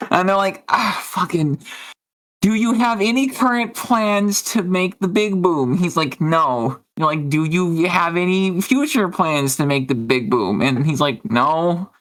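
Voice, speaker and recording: A woman's voice: on the low side, measured pace. A woman streamer chatting casually, rambling and giggling as she retells stories and acts out quotes. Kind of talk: casual chat.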